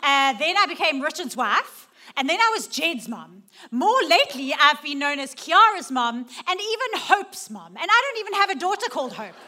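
Bright-voiced woman giving a heartfelt talk. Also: sits high, big pitch swings, moderate pace, hardly any pauses. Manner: earnest, swings from loud and laughing to soft and hushed. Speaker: speaker at a church gathering. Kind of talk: personal testimony talk.

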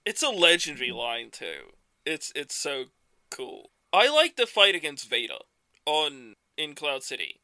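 An eager man chats casually about films on a podcast, his voice very bright and edgy. It sits close in a dry mic, with no room sound at all. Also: fairly high pitch, big pitch swings, measured pace, no room sound. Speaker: podcast co-host. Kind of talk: casual film discussion.

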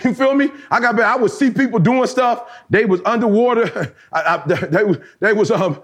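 A high-pitched man co-hosting a podcast in loose casual chat. He speaks in a colloquial way and laughs as he tells stories. He drives points home by repeating the same phrase again and again. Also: moderate pace. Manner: emphatic, repeats phrases for effect. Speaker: podcast co-host.

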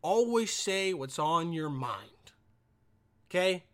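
A man's voice: fairly high pitch, lively intonation, slow, fairly bright tone. A young man ranting casually and profanely, stumbling over repeated words and checking "all right?" after every point. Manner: stumbling repetitions.

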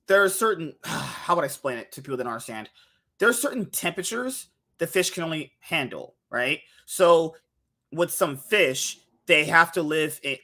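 Guy hosting a podcast, kinda high voice, rambly, laughs a lot. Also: a bit bright. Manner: rambling, jokey, laughs often. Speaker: podcast host. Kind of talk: casual podcast chat.

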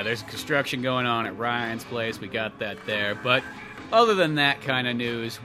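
A man hosting a podcast, chatting casually and rambling, swearing often and acting out exaggerated voices. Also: mid-range voice. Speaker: podcast host. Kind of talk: casual chat.

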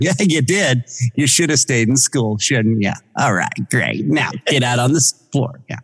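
A man as a podcast guest, an animated storyteller who slips into voices. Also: medium pitch, unhurried, slightly rough, long reverb tail. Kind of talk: casual interview chat.

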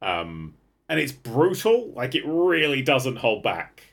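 A man's voice: mid-range voice, big pitch swings, slow, vocal fry, fairly bright tone. A man co-hosting a podcast in casual, sweary chat, laughing often. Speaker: podcast co-host.

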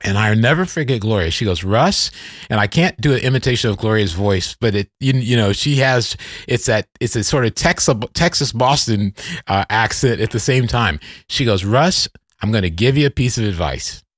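A man's voice: fairly low pitch, moderate pace, dry recording, studio quality. A middle-aged man hosting a podcast, telling a personal story in a reflective, conversational way and then interviewing his guest. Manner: reflective, conversational, self-correcting. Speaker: podcast host.

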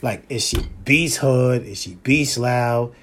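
A man co-hosting a podcast in casual chat, slangy and laid-back, repeating points slowly for emphasis. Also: medium pitch, a bit bright, a little hiss or hum. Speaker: podcast co-host.

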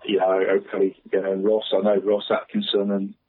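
Talking fairly quickly in a low, monotone voice, this regular pundit rambles through casual radio chat on local football. He laughs a lot and calls everyone "mate", his husky tone carried by a tinny phone line.

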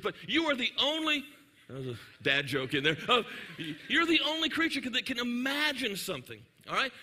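Animated, bright-voiced preacher. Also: male voice, sits high. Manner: animated, joking, talks directly to the audience. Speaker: pastor. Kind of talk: sermon storytelling.

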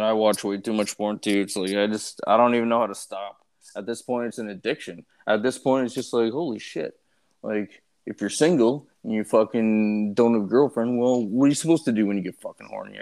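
A man in his thirties with a fairly low voice. He talks bluntly and swears freely. His storytelling is casual and unpolished. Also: creaky, darkish tone. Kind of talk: casual chat.

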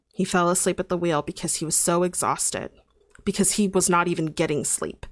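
A woman's voice: on the low side, fairly bright tone, no room sound, studio quality. A young adult woman hosting a podcast, telling a personal story in an earnest, confessional and emphatic way. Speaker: podcast host.

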